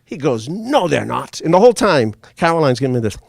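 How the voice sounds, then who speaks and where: An older man spins a funny story for a live crowd, laughing along with his own tale. His voice sits fairly high and swings widely in pitch. The sound is close and dry. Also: a little fast, gravelly, no echo. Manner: animated, chuckles through his own story.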